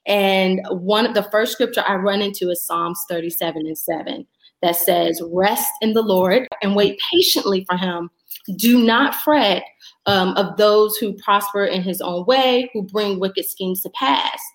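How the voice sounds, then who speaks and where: A woman guest on a faith podcast telling her testimony and acting out her own dialogue with lively energy. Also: medium pitch, unhurried, reverberant. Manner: animated storyteller, acts out her own dialogue.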